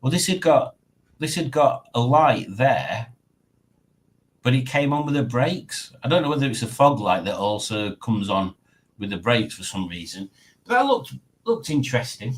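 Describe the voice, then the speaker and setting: A man's voice: medium pitch, very animated, moderate pace, low-quality recording. A man hosting a casual live stream, chatting and reading out viewer comments with frequent laughs. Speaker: livestream host.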